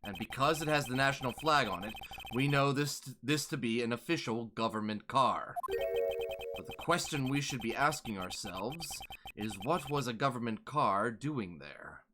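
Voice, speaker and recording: A man voicing a cool, sharp male prosecutor who speaks in a measured, confident way. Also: mid-range voice, animated, pitched below the performer's own voice, natural voice. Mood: composed. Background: game music.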